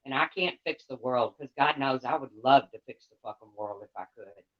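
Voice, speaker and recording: A woman's voice: very deep voice, normal speed, slightly rough. Blunt, profane woman livestreamer. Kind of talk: ranting livestream chat. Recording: dull lo-fi sound.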